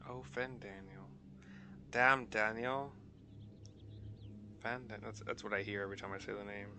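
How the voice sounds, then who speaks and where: A man's voice: on the low side, steady tone, quick pace, sharp tone, slight background noise. A man narrating his gameplay in a chatty, rambling, self-deprecating way. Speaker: gaming channel host.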